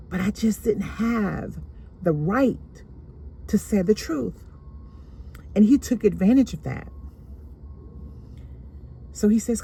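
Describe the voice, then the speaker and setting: A woman slowly and deliberately telling a painful personal story from her childhood. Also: low voice, mellow, slight background noise. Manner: slow, deliberate, emotional retelling.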